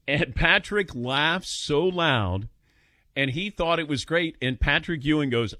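A man's voice: a little high, measured pace, dry recording, clean studio sound. A man hosting a sports call-in radio show, telling stories with chuckles and taking calls. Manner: animated storyteller, chuckles while telling.

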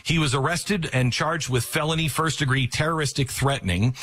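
A man's voice: fairly high pitch, brisk, fairly bright tone, breathy edge. A man giving opinionated political news commentary, retelling stories sarcastically and acting out the quotes.

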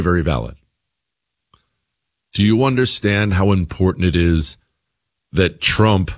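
A man hosting his own radio show, talking straight to listeners in an emphatic monologue that leans on repeated phrases. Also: fairly low pitch.

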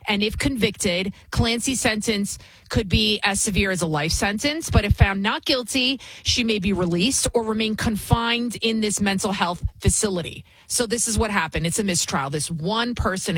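A woman's voice: mid-range voice, normal speed, fairly bright tone, breathy edge, dry recording. A woman hosting her own commentary show, speaking with indignant emphasis and repeating phrases for effect. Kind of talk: opinionated commentary.

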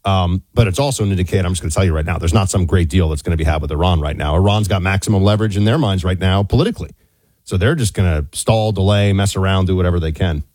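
A man's voice: sits low, fast, no room sound. A middle-aged man co-hosting a political talk radio show, bantering with jokes and emphatic asides and reading an ad. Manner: animated, jokey, emphatic asides, mock accents. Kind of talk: casual talk radio banter and host-read ad.

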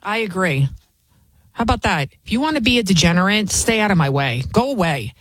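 A woman's voice: mid-range voice, big pitch swings, brisk, no room sound, rough recording. A woman hosting a political opinion show, scornful and heated. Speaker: political commentary host. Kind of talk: opinion commentary.

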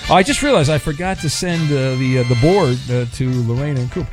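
A man's voice: medium pitch, lively intonation, brisk, music in the background. A man hosting a sports radio show, running a game show bit in a chatty, joking way with lots of fillers.

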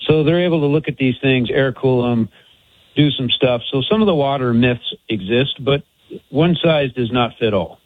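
Male radio caller from Montana, measured and explanatory, phone-line sound. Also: mid-range voice, no room sound.

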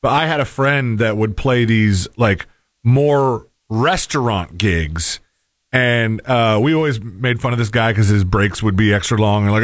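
A man's voice: medium pitch, measured pace, no echo, clean studio sound. A man co-hosting a talk show, telling stories casually in a rambling way with many fillers. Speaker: co-host. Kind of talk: casual chat.

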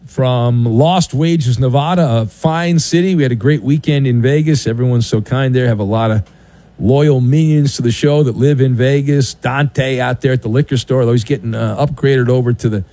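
In a studio, a man hosts a sports talk radio show, delivering a sardonic, theatrical monologue full of swooping announcer flourishes. His mid-range voice has a warm tone and moves at a normal speed. The studio broadcast mic captures him with no echo.

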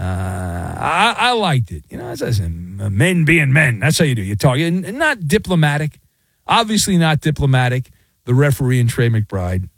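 A man's voice: on the high side, no echo. A middle-aged man hosting a sports talk radio show, sarcastic and theatrical. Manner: sarcastic, theatrical, mocking voices.

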